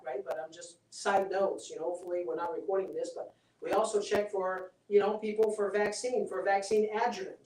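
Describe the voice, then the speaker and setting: A man's voice: high-pitched, a little mellow. A man giving a live health seminar, persuasive and chatty, often checking in with the audience. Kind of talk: live seminar talk with demonstration. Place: seminar room. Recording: roomy sound from a distant mic.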